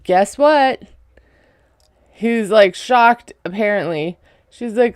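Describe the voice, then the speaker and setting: A woman's voice: medium pitch, takes it slowly, no echo, studio quality. A woman giving a casual, chatty recap of a reality show, full of sarcastic asides.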